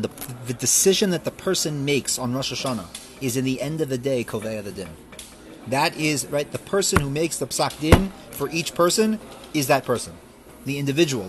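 A man teaching a Torah lesson, reading verses aloud and explaining them with fervent emphasis that falls back to quiet reflection. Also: mid-range voice, noisy background. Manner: reads verses aloud, then translates and explains. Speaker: rabbi teaching a class.

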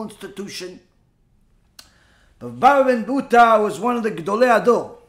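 A man teaching a Torah lesson through lively, animated storytelling with asides and fillers. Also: high-pitched, moderate pace. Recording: echoey room.

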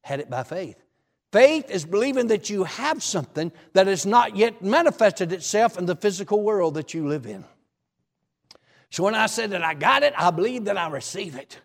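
A male preacher giving a sermon testimony as animated, folksy storytelling that bursts into shouts. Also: high-pitched, moderate pace, long reverb tail.

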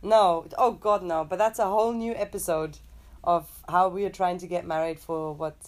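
A woman's voice: fairly low pitch, fairly even intonation, normal speed, darkish tone. A young woman from Germany, telling a story in casual chat with her partner, laughing often. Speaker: co-host.

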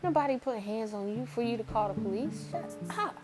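Exasperated young woman venting, music behind. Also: fairly quick. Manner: exasperated, mocks her mother in a lower voice, rising disbelief. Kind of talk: venting rant to camera.

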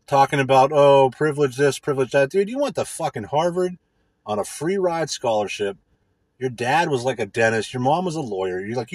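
A man's voice: medium pitch, breathy edge, no echo. A man in a casual monologue as a podcast host, ranting with heavy profanity and mocking impressions.

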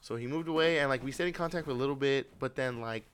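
A man's voice: medium pitch, quick pace, fairly bright tone, smooth. A young man and podcast host telling a long, rambling, profane story in casual chat.

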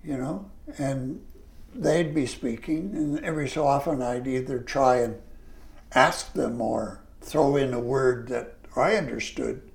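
An older retired lecturer telling stories of his past, animated when he quotes people. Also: medium pitch, measured pace, vocal fry. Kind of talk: reminiscing storytelling.

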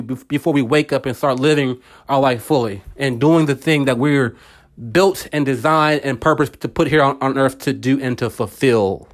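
A middle-aged man hosting a podcast, giving an earnest, repetitive, preacherly motivational monologue. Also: mid-range voice. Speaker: podcast host.

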